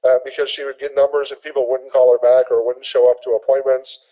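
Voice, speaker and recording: A man teaching a sales training webinar, energetic and repetitive, acting out sample conversations. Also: medium pitch, a little fast, dull audio.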